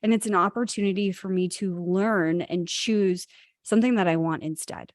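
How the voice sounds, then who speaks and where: A woman's voice: fairly low pitch, steady tone, normal speed, no echo, studio quality. A woman co-hosting a spiritual podcast, telling a story in a chatty way with lots of fillers. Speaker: podcast co-host.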